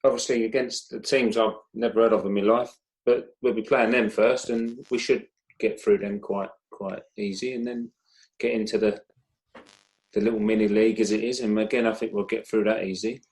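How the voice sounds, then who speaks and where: A man's voice: lowish voice, fairly even intonation, normal speed, darkish tone, rough recording. A man giving casual, plain-spoken opinions on a football fan podcast. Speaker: podcast panelist. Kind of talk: casual chat.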